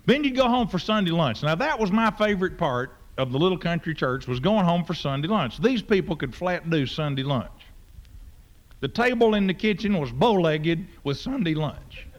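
A man, a preacher telling a humorous story with folksy, deadpan exaggeration. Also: a little high, moderate pace, dull audio.

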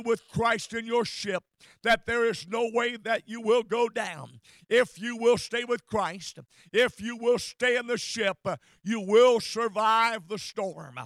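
A man preaching a fervent sermon, repeating phrases and rising to shouts. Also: high-pitched, no room sound.

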